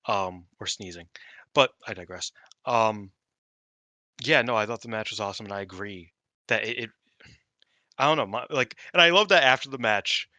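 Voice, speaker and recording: Bright-voiced man rambling casually. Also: lowish voice, moderate pace, long pauses, no echo. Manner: rambling, full of fillers and swearing. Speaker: podcast co-host. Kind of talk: casual chat.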